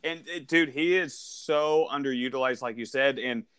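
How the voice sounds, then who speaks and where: A man's voice: medium pitch, normal speed, fairly bright tone, smooth, no echo. A man co-hosting a podcast, asking questions and talking eagerly about wrestling. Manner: enthusiastic wrestling fan talk. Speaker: podcast co-host. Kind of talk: casual podcast chat.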